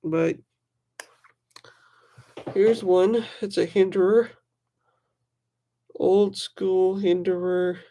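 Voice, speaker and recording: A knife collector chatting casually on a livestream, excitable and rambling, talking to viewers in the chat by name. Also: mid-range voice, extremely slow, long pauses.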